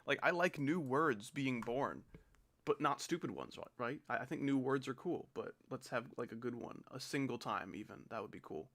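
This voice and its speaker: A man's voice: mid-range voice, moderate pace, a bit bright. A young man chatting casually on his stream, rambling and sarcastic, often mocking slang.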